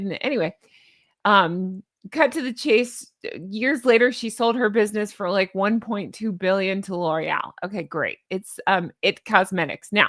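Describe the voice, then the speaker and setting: A woman vlogger talks straight to her viewers in a chatty, sarcastic way and laughs at her own jokes. Her pitch sits in the middle of the female range. The sound is dry and close, with no room echo. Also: fairly bright tone. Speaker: YouTube commentator. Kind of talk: casual commentary vlog.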